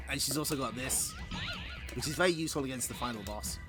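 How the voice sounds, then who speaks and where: A man's voice: medium pitch, fast. A man streaming a fighting game, joking wryly and giggling as he plays. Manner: giggly, wry. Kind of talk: casual gaming commentary. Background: game music.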